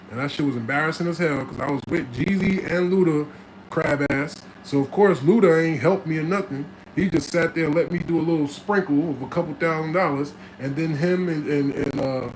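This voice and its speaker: An animated man tells stories in loose slang as an interview guest, often tossing in a quick "right?" His voice sits a little on the high side. A clear wash of background noise runs under the recording. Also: low-quality recording. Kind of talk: casual storytelling chat.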